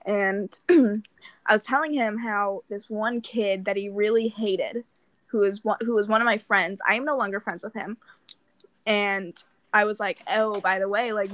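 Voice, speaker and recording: A woman's voice: mid-range voice, a bit bright, no room sound. A young woman co-hosting a podcast, telling a dating story in casual chat, swearing often and acting out both sides of the dialogue. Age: young adult. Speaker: podcast co-host.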